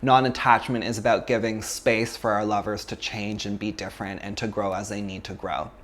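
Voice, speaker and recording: A man's voice: fairly low pitch, little pitch movement, fairly quick, fairly bright tone. A man from Canada, a yoga teacher giving a chatty, casual philosophy talk, full of fillers and laughs.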